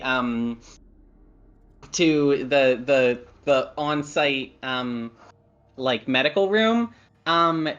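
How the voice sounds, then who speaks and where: Slow, rambling game master. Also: male voice, on the high side, fairly bright tone. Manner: rambling, many fillers and restarts, laughing at himself. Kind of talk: narrating a tabletop game. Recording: dull lo-fi audio.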